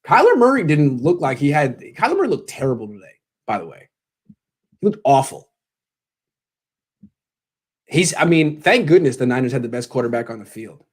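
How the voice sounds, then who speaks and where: A man's voice: medium pitch, big pitch swings, normal speed, pauses often, slightly rough. A young man hosting a postgame live stream, joking sarcastically and answering donations, his voice cracking when he gets worked up. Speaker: sports show host.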